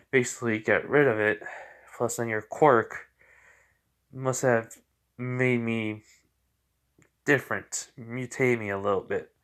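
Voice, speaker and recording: A man's voice: medium pitch, fairly bright tone, lightly acted. A man voicing a blunt alien symbiote.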